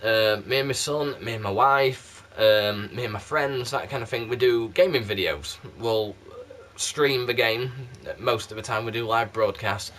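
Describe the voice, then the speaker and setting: A man with a muddled South Yorkshire accent chats straight to camera, rambling and poking fun at himself. His voice sits at an everyday middle pitch. He is picked up by a games console camera mic. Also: a little slow, fairly bright tone, slight background noise. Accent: mixed South Yorkshire English. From South Yorkshire, England. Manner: rambling, chatty, self-deprecating. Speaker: YouTube candle reviewer. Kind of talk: casual chat to camera. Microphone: PlayStation camera mic.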